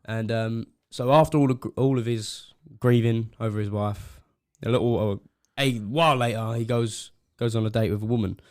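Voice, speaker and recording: A man's voice: medium pitch, moderate pace, few pauses, a little mellow. A man co-hosting a casual podcast, telling a long rambling joke with frequent laughs and trailing asides. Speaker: podcast co-host. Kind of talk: casual chat.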